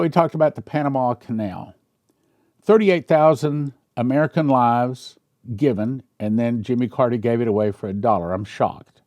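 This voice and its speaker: A man's voice: medium pitch, darkish tone, no echo, studio quality. A man who is a pastor, giving casual commentary in an emphatic way, with rhetorical questions and chuckling asides.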